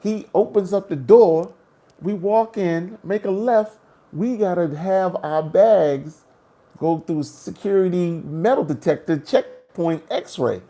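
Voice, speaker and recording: Brief: man, gravel in the voice, slangy and animated, recounting a trip for his vlog. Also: high voice, takes it slowly. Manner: animated, slangy, acts out his own reactions. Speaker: travel vlogger. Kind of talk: casual storytelling.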